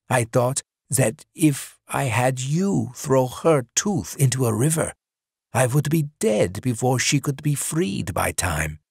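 Brief: male narrator doing a polite, measured older killer, slow and gravelly. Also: mid-range voice, dry recording, clean studio sound, voice pushed up, exaggerated voice. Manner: courteous, measured, coldly apologetic. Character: polite murderous older man with lead.

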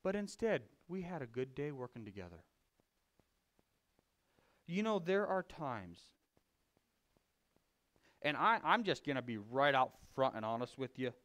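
A man preaching a conversational sermon, telling a folksy story with frequent restarts and swinging between loud emphasis and quiet confession. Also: mid-range voice, very animated, measured pace, pauses often. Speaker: lay preacher.

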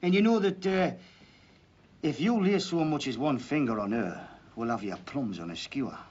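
An actor playing a protective builder who warns a mate in slow, deliberate, mock-solemn words, in a 1980s TV comedy-drama. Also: male voice, medium pitch, lively intonation, darkish tone, close to an everyday voice. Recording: dull lo-fi TV audio, faint hiss.

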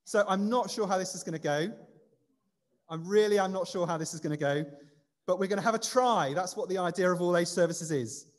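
A man's voice: high-pitched, brisk. A man leading a light-hearted quiz in a church service, chatty and self-deprecating. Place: church building. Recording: long reverb of a church hall.

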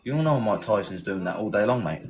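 A man's voice: lowish voice, animated, a little fast, low-quality recording. A man from England hosting a casual live stream, chatting, thanking viewers and rallying his team. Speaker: livestream host. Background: loud music.

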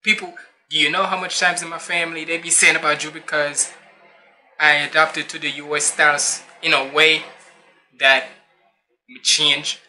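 Young man, from Jamaica, very bright tense voice, slangy reaction chat, somewhat high. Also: fairly quick. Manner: animated, loose slangy talk, switches into Jamaican patois. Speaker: reaction video host. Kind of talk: casual reaction commentary.

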